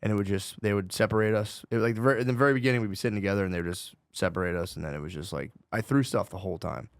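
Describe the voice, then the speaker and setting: A man in his thirties talks quickly, with a lowish voice. His chat is loose and rambling, full of swearing and "dude". The sound is dry and close. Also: no room sound. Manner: rambling, swears a lot, says "dude" often. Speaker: comedian guest. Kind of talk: casual podcast chat.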